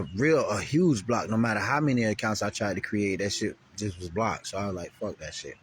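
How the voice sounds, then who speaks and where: A man's voice: on the low side, slight background noise. A man vlogger telling a rambling, profane story in casual speech heavy with slang.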